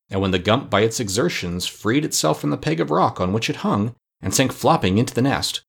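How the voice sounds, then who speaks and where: Husky, low-voiced man reading a storybook. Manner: expressive, lively storytelling. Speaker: audiobook narrator. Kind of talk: scripted narration.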